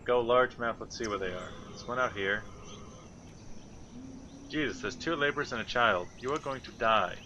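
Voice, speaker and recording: A man's voice: medium pitch, normal speed, long pauses, pushed and bright, muffled recording, a little hiss or hum. A man giving casual, thinking-aloud commentary while playing a city-building game. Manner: muttering to himself, thinking aloud. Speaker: gameplay commentator.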